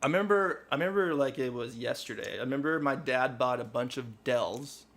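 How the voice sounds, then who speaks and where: A young man trading jokes on a casual podcast. He keeps an easy, laid-back manner and a middle-pitched voice while he chats with a friend at home. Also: a little fast, fairly bright tone. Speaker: podcast co-host. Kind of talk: casual chat. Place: apartment.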